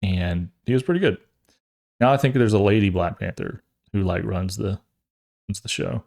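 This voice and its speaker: A young adult man hosting a podcast, chatting casually and rambling, jokey and animated, often restarting his sentences. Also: fairly low pitch, normal speed, vocal fry. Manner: animated, acts out quotes in funny voices. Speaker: podcast host. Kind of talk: casual chat.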